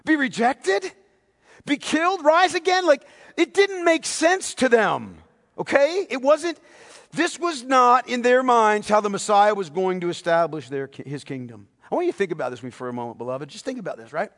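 A male pastor preaches with fervor, pressing his listeners with questions and calling them beloved. His voice sits high, and a long reverb trails behind it like a large hall. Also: very animated, moderate pace, a bit bright. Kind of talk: sermon.

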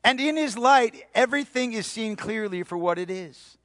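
A man preaching a sermon, emphatic, repeating key phrases and dropping to a hushed voice for stress. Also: high-pitched, expressive, normal speed, dry recording, clean studio sound. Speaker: pastor.

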